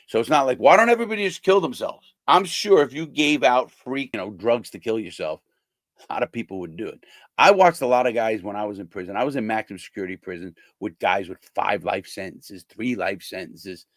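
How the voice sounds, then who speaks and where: A blunt older man hosting his own channel, speaking in a fairly low voice. He talks casually and swears freely, acting out the people in his stories. The sound is dry and close, with no room echo. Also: lively intonation, fairly quick. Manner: blunt, conversational, swears, acts out quoted people. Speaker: host, former prisoner. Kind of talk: casual monologue to viewers.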